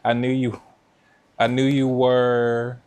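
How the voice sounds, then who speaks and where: Though chatty, this kitchen livestream cook delivers everything completely flat, at a slow pace, in a mid-range, slightly mellow, clean-toned male voice. He addresses viewers directly and reads out their comments, using a noise-cancelling mic.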